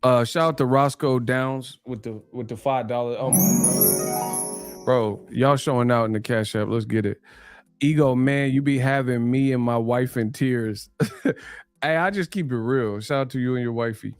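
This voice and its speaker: A man's voice: medium pitch, fairly even intonation, normal speed, smooth, no echo, faint music behind. A man from New Mexico hosting a live stream, bantering in slang, laughing often and reading donations. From New Mexico, USA.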